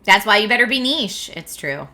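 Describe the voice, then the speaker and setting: Woman, thirties, bright tone, casual stream chat, animated. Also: mid-range voice, normal speed. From Philadelphia area, USA. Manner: chatty, animated, laughs often. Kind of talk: casual chat reading viewer comments. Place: home streaming setup in California.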